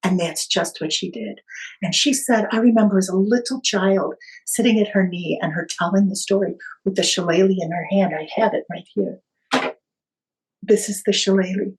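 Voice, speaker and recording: A woman guest on a podcast, telling a family story in an unhurried, vivid way. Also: mid-range voice, a little mellow, poor audio.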